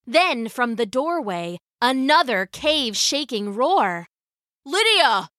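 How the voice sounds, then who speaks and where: A woman narrates a scripted children's story in a measured, vivid way. Her voice sits a little high with a bright tone, and she takes her time over the words. The recording is close and dry. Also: dry recording.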